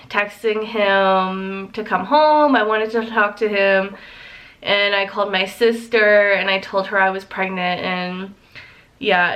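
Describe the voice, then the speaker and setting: Young woman, casual vlog chat, unhurried delivery, laughs a lot, filler-heavy. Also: mid-range voice, a bit bright. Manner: giggly, chatty, lots of fillers. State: a little emotional. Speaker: vlogger.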